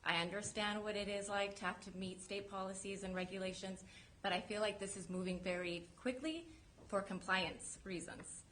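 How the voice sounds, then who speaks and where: A woman's voice: medium pitch, fairly even intonation, moderate pace, a bit bright, a little hiss or hum. A woman giving public comment at a city council meeting, earnest and direct as she presses her concerns.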